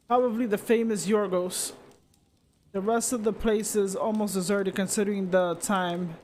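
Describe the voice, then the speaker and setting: A man reading the narration of a story game aloud, steady, with small slips and restarts. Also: high-pitched, normal speed, a little hiss or hum. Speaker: streamer.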